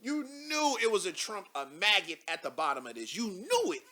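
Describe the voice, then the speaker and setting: A young man hosting a live show, giving loud, mocking commentary as he reads posts aloud, laughing and repeating himself. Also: high-pitched, huge pitch swings, fairly quick.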